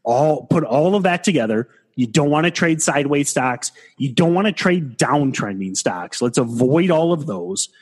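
Husky-voiced man coaching on a podcast. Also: a little high, lively intonation, normal speed, hardly any pauses. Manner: explanatory, coaching tone. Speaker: podcast co-host, trading coach. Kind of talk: casual chat. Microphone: headphones on a call.

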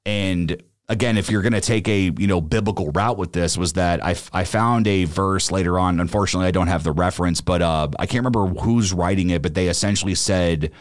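A man's voice: sits low, a little fast, few pauses, dry recording, studio quality. A man hosting a podcast, telling a story in casual chat, rambling with lots of restarts and fillers. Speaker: podcast host.

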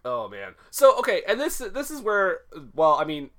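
Male podcast co-host, lively pitch swings, sarcastic casual movie chat. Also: moderate pace. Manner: animated, laughs often, sarcastic.

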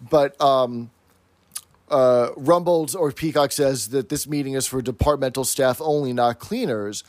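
A man's voice: medium pitch, unhurried, no room sound, clean studio sound. A man co-hosting a podcast, casually recapping a sitcom episode scene by scene. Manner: recapping, plot by plot. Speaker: podcast co-host.

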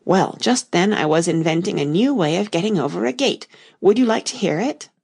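A woman voicing a gentle, bumbling old male knight who rambles on earnestly and solemnly about his inventions, in an audiobook reading. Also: lowish voice, lively intonation, brisk, creaky, breathy edge, heavily acted.

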